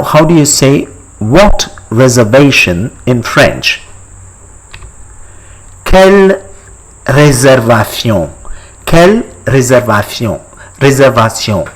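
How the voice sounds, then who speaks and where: A man teaching a step-by-step language lesson, repeating each word slowly and quizzing the listener. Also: medium pitch, rough recording. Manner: slow, deliberate, repeats each word for practice; asks the listener questions and pauses for answers.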